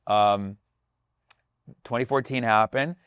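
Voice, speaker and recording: A man's voice: mid-range voice, fairly even intonation, slow pace, a bit bright, clear, resonant tone, dry recording, clean studio sound. A man, a comedian, talking casually on a podcast, loose and profane, slipping into voices to act out other people. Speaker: comedian guest.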